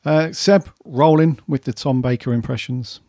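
Brisk man co-hosting a podcast. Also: medium pitch, mellow, no room sound, clean studio sound. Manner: brisk, matter-of-fact, jokey. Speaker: podcast co-host. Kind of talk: casual chat.

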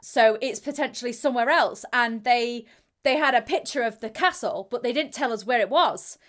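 A young woman with a slightly high voice tells her stories openly and with feeling. She speaks as an interview guest and slips into quick impressions of the people she quotes. She laughs easily as she talks. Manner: animated, acts out quoted voices, laughs readily. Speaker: interviewee, Paralympic athlete. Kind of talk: candid conversational storytelling.

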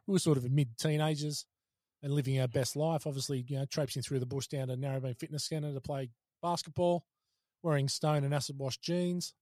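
Fast-talking, sweary Australian man. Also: mid-range voice, steady tone, a little mellow, no echo. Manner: blunt, sweary, joking. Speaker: podcast co-host. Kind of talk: casual chat.

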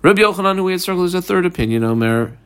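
A man's voice: high-pitched, lively intonation, racing, fairly bright tone, clean tone. A man teaching a text study lesson, explaining step by step as he reads passages aloud and tells listeners what to mark, mixing casual talk with quoted terms. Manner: mixes casual chat with quoted Aramaic terms. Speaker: Talmud teacher. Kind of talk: daily page study lesson.

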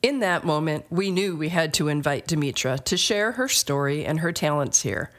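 A woman co-hosting a podcast, giving a measured, earnest scripted introduction. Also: sits low, expressive. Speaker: podcast co-host.

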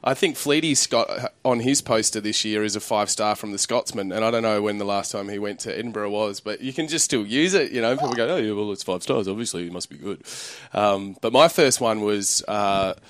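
A man's voice: fairly low pitch, fairly quick, hardly any pauses, fairly bright tone, no room sound. A man, a comedian rambling through anecdotes in casual chat and laughing often. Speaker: comedian guest.

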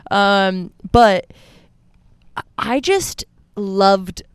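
A woman's voice: medium pitch, drawn-out words, smooth, no echo, studio quality. A woman co-hosting a podcast, bantering playfully in casual chat. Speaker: podcast co-host.

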